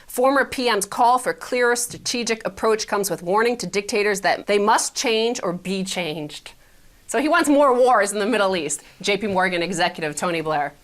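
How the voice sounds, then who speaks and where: A woman's voice: medium pitch, normal speed. Woman co-host reading headlines pointedly. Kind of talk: news commentary.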